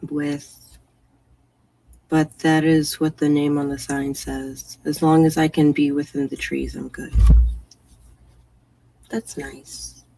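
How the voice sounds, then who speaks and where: A woman's voice: low voice, level tone, slow, pauses often, warm tone, a little hiss or hum, poor audio. A woman hosting a casual morning chat stream from home, chatting and answering viewers' messages. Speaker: livestream host.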